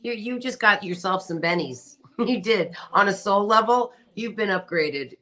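Bright-voiced chatty woman livestreaming. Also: mid-range voice, lively intonation, normal speed. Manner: chatty, reads viewer comments aloud, laughs often. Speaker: livestream host. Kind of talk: casual livestream chat.

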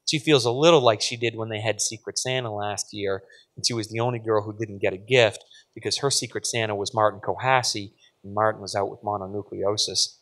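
A man's voice: lowish voice, fairly even intonation, a little fast, a bit bright. Man reading fiction aloud, dramatic narration. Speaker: author. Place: live event at a literary venue.

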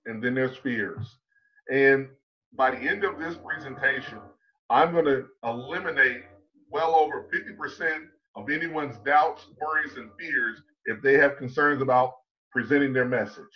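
A man coaching on public speaking in an online conference talk, emphatic and full of rhetorical questions, slowing down to stress key points. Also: mid-range voice, dull audio.

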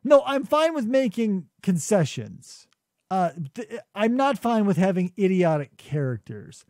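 Male podcast host, high and lively voice, dry close sound, animated swearing rant. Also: measured pace, no echo. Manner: animated, ranting, swears often. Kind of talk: casual podcast chat.

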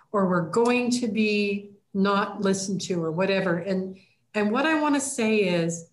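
A woman leading a church class on conflict resolution, talking casually and acting out quoted lines with sudden jumps in pitch. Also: roomy sound. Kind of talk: casual teaching talk.

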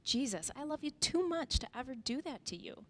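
A woman's voice: high voice, big pitch swings, normal speed, a bit bright, slight background noise, voice pushed up. A woman reading the part of a devoted, impulsive male disciple aloud for children, in an earnest, slightly raised voice.

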